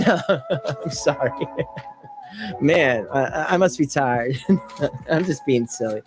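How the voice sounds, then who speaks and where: A man's voice: medium pitch, expressive, slow, long pauses, music in the background, low-quality recording. A man hosting a casual livestream, rambling, interrupting himself and laughing often as he reads chat aloud. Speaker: livestream commentary host.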